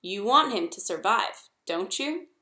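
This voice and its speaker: A woman voicing a stern, bossy old female goose who scolds briskly in a storybook reading. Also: mid-range voice, animated, sharp tone, reverberant. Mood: scolding. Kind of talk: storybook read-aloud.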